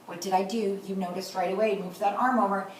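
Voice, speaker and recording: Patient kindergarten teacher in an echoey room. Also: female voice, mid-range voice, steady tone, a little hiss or hum. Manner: slow, deliberate modeling of words and sounds. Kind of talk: teaching a class. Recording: echoey room, far from the mic.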